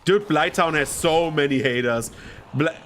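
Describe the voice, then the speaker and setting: A man's voice: on the high side, unhurried, a bit bright, slight background noise. A man with a German first language chatting casually while playing a game, swearing and laughing often. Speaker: streamer. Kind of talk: casual gameplay commentary.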